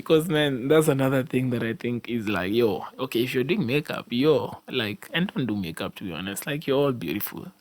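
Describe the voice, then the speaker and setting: A young man with a Kenyan accent talks alone on his podcast in a mid-pitched voice. He rambles and restarts his sentences, often slipping into a preachy, exhorting tone. He sounds sleepy after a long day. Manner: rambling, repeats himself, frequent restarts and fillers. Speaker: podcast host. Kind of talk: casual solo podcast monologue.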